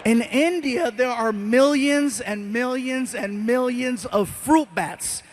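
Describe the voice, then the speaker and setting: A stand-up comedian with a very high voice tells his story with animated, self-deprecating energy. Quick asides break up the telling, and a faint ambience sits behind him. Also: slight background noise.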